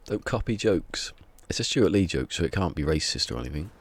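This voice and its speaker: A man's voice: sits low, expressive, moderate pace, breathy edge. A man chatting casually on a live game stream, rambling and wry, often muttering asides to himself.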